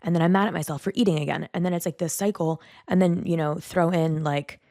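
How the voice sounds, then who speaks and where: A woman's voice: lowish voice, fairly even intonation, fast, mellow, no room sound, studio quality. A young woman vlogging a candid, rambling personal monologue, full of "like" fillers. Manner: rambling, frequent "like" fillers, self-critical venting.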